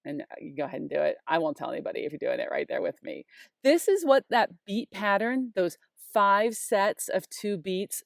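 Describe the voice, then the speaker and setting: Woman, 40s, high school teacher; chatty, upbeat, mid-pitched, dry close recording. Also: animated, moderate pace, vocal fry, no echo. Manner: chatty, upbeat, talks straight to the viewer. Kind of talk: casual online lesson.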